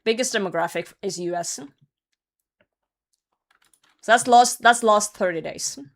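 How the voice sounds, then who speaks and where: A woman's voice: medium pitch, measured pace. A young woman streamer chatting casually with her chat while gaming, laughing often and swearing now and then. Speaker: live streamer.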